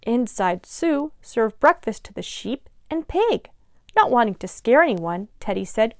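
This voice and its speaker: A woman librarian reading a picture book aloud to young children in an expressive, animated way. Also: medium pitch, measured pace, no room sound, clean studio sound. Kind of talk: children's storytime read-aloud.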